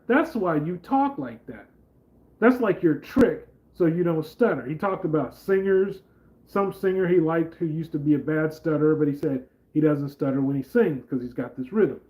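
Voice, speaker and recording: A man's voice: on the high side, a little mellow, rough recording. A man hosting a casual political livestream, rambling with lots of "like" and reading out viewer comments. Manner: rambling, filler-heavy, reads out viewer comments. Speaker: livestream host.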